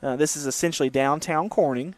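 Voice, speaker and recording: A man's voice: fairly high pitch, a little fast, no room sound. Chatty man hosting a drive. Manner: reads viewer comments aloud, chatty and excitable. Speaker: livestream host. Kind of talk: casual driving livestream chat. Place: inside a moving car.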